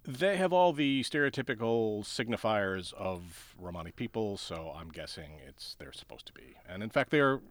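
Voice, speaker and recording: A man's voice: lowish voice, lively intonation, normal speed, few pauses, no echo. A man from Pennsylvania co-hosting a casual podcast, wryly rating his partner's jokes. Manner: wry, rates jokes dryly. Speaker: podcast co-host. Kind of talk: casual chat.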